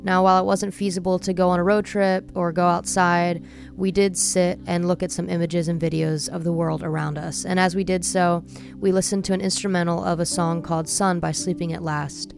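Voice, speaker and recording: A woman narrating a church podcast in a calm, explanatory way. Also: fairly low pitch, a little fast. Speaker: podcast host. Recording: music clearly behind.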